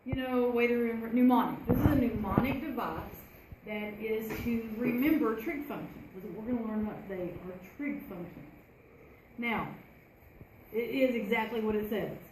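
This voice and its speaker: A woman's voice: a little high, normal speed. Woman teaching a math class. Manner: conversational, asks the class questions. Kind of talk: classroom lesson. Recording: echoey classroom, faint room noise.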